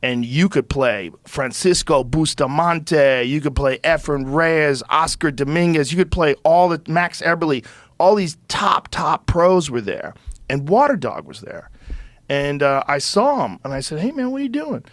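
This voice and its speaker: A middle-aged man hosting a podcast, telling an animated, profanity-laced story in casual conversation into a close studio microphone. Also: fairly high pitch, unhurried, no echo. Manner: animated, profane, acts out quotes. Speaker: podcast host.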